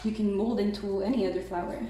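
A woman giving a casual tarot reading, chatty and excitable, peppering her talk with "like" and "right?". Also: mid-range voice, fast talker. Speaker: tarot reader. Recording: very echoey room.

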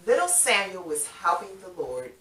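A woman's voice: medium pitch, huge pitch swings, moderate pace. A woman leading young children through a Bible story, coaxing and playful as she acts it out. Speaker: children's Sabbath School teacher. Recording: echoey room from far off.

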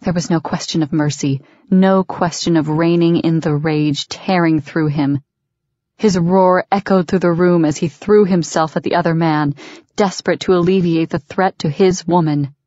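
Low, steady woman narrating a book. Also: moderate pace, dry recording, lo-fi sound. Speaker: audiobook narrator. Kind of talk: scripted audiobook narration.

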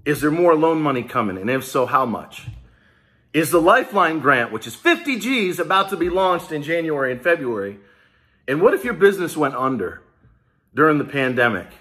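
Hyped high-voiced man vlogging. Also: sing-song, moderate pace, bright, forceful tone. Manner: hyped, rallying, talks straight to viewers. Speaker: small business video host. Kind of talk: casual emotional vlog.

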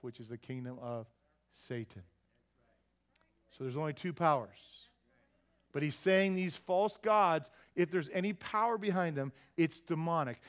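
A man preaching a sermon at a church service, folksy and joking, constantly quizzing the congregation with questions. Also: on the high side. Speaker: pastor.

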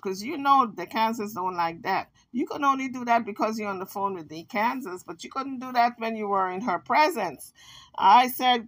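A woman talks in a chatty, sassy way, recapping an argument for her viewers with animated asides. Her voice sits a little high. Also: normal speed. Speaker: commentary vlogger. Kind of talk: casual commentary recapping drama.

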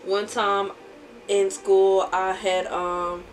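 A woman's voice: mid-range voice, level tone, very slow, soft background music. A young woman vlogging at home, telling rambling stories while doing her makeup. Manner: chatty, rambling storytelling with frequent laughs. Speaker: beauty vlogger.

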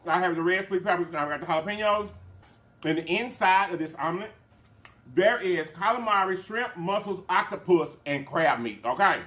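Animated high-voiced man hosting a mukbang. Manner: animated, excitable, calls out to viewers. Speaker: mukbang channel host. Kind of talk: casual mukbang vlog talk to viewers.

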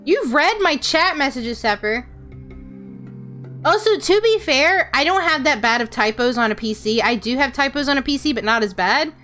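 A woman livestreaming a game, talking loosely and answering her chat with casual swearing. Her voice sits a little high, and soft game music plays under her. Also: brisk, hardly any pauses. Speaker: VTuber streamer.

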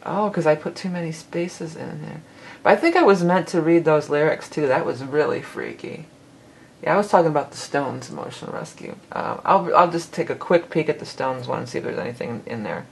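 A woman's voice: sits low, brisk, vocal fry, low-quality recording. A woman giving a casual tarot forecast, rambling and correcting herself as she goes, with the odd laugh. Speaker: tarot reader.

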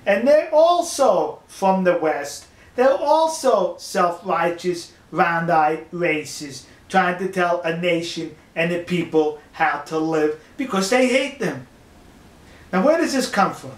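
An older man hosting an opinion monologue, scornful and mocking, slowing down to stress his points. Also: sits high, expressive, roomy sound. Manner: scornful, mocking, slow emphatic delivery. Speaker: commentary video host.

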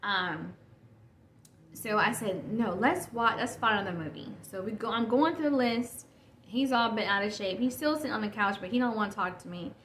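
A woman's voice: mid-range voice, normal speed, fairly bright tone. A woman in her thirties hosting a casual solo podcast, rambling and correcting herself as she talks. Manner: rambling, self-correcting, chatty. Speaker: podcast host. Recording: echoey room with faint noise.

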